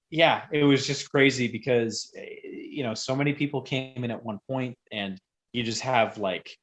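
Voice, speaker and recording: A man who is a guest on a podcast, telling a story casually and rambling, with sudden loud bursts when he acts out quotes. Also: mid-range voice, dull audio.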